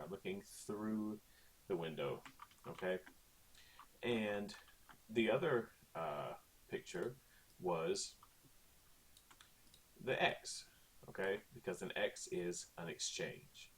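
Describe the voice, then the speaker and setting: A man teaching a recorded Spanish lesson in a chatty way, often checking in with "okay?". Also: sits low.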